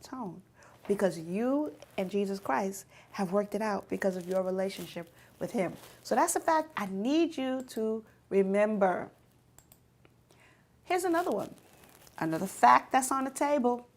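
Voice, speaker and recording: A woman's voice: medium pitch, animated, moderate pace. A woman teaching a youth church lesson, speaking directly to teens and repeating her key points for emphasis.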